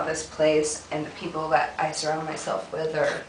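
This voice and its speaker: Low-voiced woman answering from afar, echoey room. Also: completely flat delivery. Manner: tearful, laughs often, soft and halting. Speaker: interview guest, dancer. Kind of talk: emotional interview answers. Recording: echoey room, distant mic, faint noise.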